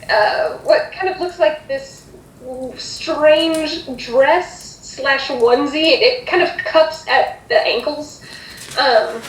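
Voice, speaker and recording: High-pitched woman running a tabletop game, halting and rambly, recorded in a roomy space. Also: a little hiss or hum. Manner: rambling, hesitant, self-correcting. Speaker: game master. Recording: echoey room.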